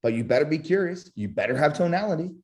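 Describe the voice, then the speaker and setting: A slightly high-voiced man talks fast as he coaches a webinar about sales calls. Lively throughout, he demonstrates tone of voice in demo calls and quizzes the people watching.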